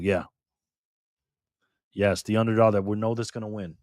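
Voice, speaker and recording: A man's voice: fairly low pitch, fairly even intonation, moderate pace, long pauses, a little mellow, no room sound, clean studio sound, some chatter behind. A man hosting a casual live stream, chatting loosely with viewers by name and repeating himself.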